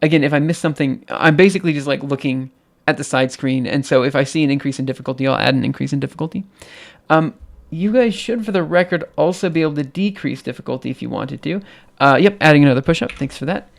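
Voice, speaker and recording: A young man hosting a live stream, his voice light and somewhat androgynous, sitting a bit higher than most men's. He talks in a loose, rambling way, full of ums and restarts, and laughs easily. His voice has a noticeable gravelly fry. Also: fast talker. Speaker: livestream host. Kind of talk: casual live-stream chat.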